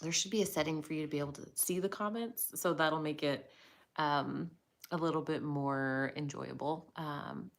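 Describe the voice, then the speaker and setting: A woman hosting a casual livestream from home, speaking softly and hesitantly with lots of ums, while a dog barks now and then. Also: sits low, moderate pace, creaky. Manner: soft-spoken, hesitant with many ums. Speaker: livestream host. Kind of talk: casual live chat.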